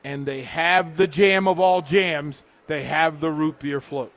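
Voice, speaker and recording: A man's voice: fairly high pitch, fairly even intonation, measured pace, a bit bright. A middle-aged man, hosting a live radio remote from a restaurant patio, punchy and hype-building as he reads the sponsor's menu. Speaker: radio host on remote broadcast.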